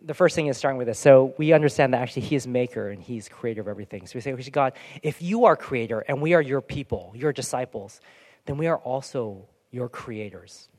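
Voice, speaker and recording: A man preaching a sermon as pastor, lively and animated, dropping to soft, near-whispered prayer lines. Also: medium pitch, brisk. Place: church hall. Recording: long hall reverb.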